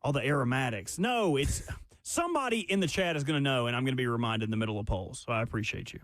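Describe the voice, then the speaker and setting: A woman co-hosting a radio show, animated and exasperated, sometimes stammering as she searches for words. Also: rumbling low, fast talker, no room sound, studio quality. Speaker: radio co-host. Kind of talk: casual radio banter. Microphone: studio microphone.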